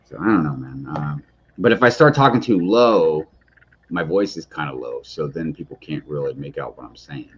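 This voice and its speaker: Host type, man, very low voice, animated and loud when excited, slightly dull lo-fi audio. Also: normal speed, slightly rough. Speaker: streamer host. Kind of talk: casual chat on a livestream.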